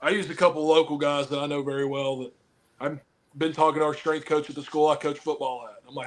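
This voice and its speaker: Talking fast in a slightly high voice with fairly even intonation, this pro wrestler and football coach rambles through a casual podcast chat. He cracks jokes and doles out advice bluntly.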